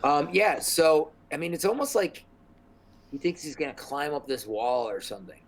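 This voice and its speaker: A man's voice: fairly high pitch, lively intonation, moderate pace, poor audio. A man narrating a tabletop game as game master, rambling with many fillers. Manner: rambling, many ums and likes.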